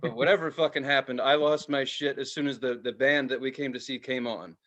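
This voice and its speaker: Animated storytelling middle-aged man, bright voice. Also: medium pitch, a little fast, lo-fi sound. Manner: animated storyteller, acts out quotes loudly. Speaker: podcast co-host. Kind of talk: casual chat.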